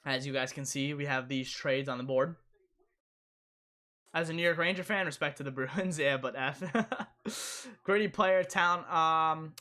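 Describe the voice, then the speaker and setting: A man's voice: fairly high pitch, sharp tone. A young man hosting a casual live stream, rambling and repeating himself as he answers chat.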